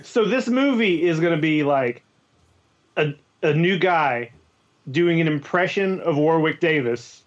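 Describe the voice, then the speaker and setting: A man's voice: a little high, expressive, measured pace, highs cut off. A man co-hosting a podcast in casual banter, rambling and laughing as he talks and swearing casually. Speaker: podcast co-host.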